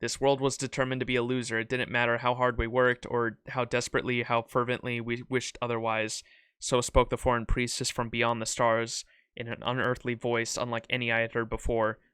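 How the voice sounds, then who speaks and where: A man's voice: mid-range voice, completely flat delivery, fairly quick, fairly bright tone, smooth, dry recording, clean studio sound, close to an everyday voice. A man reading as a brooding ancient emperor. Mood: grave. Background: background music.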